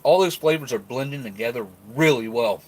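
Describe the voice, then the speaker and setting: A man's voice: medium pitch, moderate pace, fairly bright tone. A man hosting a casual live-stream food review, rambling and laughing often while he talks with his mouth full.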